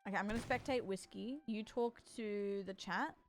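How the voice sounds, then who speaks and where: A woman's voice: mid-range voice, moderate pace, a little hiss or hum. A woman streaming a game, chatting playfully and teasing her co-streamer. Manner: playful, teasing, jokey bits. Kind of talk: casual gaming stream chat.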